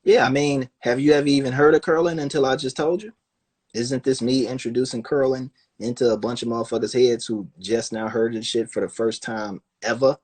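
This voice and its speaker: A man talking casually on a phone livestream, animated and profane, acting out other people's voices as he goes. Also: medium pitch, a little fast, slightly rough. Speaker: livestream host.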